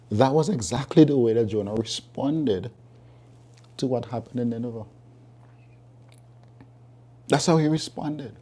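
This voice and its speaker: Male preacher with a mellow, husky voice, emphatic, repeats points for weight. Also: medium pitch. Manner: emphatic, repeats key phrases, reasons with listeners. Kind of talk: sermon.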